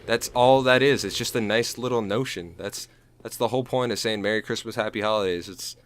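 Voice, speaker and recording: A young American man, a gaming YouTuber, chats loosely over gameplay in casual commentary. His voice sits on the low side and moves fairly quickly, rambling with lots of fillers and restarts.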